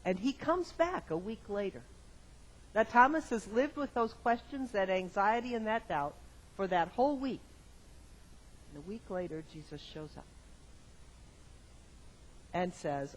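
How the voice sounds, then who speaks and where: Male pastor, sermon, church sanctuary, lively pitch swings, builds phrases in rhythmic lists. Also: unhurried, pauses often, poor audio. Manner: dynamic preaching, from quiet reflection to loud emphatic exclamations; addresses the congregation directly with questions.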